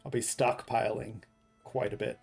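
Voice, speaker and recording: A man's voice: mid-range voice, level tone, moderate pace, creaky, a little mellow, husky, soft background music. A man streaming a game, chatting casually and reading dad jokes, often correcting himself and chuckling at his own jokes. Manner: reads dad jokes aloud. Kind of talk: casual live stream chat.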